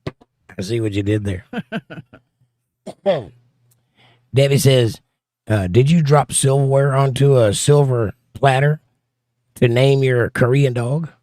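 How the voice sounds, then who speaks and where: Speaking slowly with long pauses, a man with a mid-range, darkish voice hosts a casual livestream, reading comments from chat and replying with wry jokes. The recording is dry.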